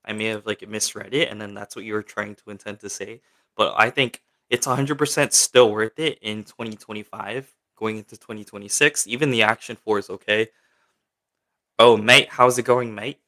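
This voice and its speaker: A man's voice: on the low side, fairly quick, bright, forceful tone. A young man hosting a casual livestream, chatting loosely with viewers and reading their questions aloud, with lots of filler words. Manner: chatty and rambling, many fillers, reads chat questions aloud. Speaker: livestream host. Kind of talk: casual livestream chat, answering viewer comments.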